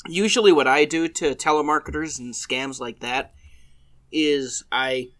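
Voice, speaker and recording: A man's voice: on the high side, measured pace, fairly bright tone. A young man co-hosting a podcast, joking in laid-back casual chat. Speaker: podcast co-host.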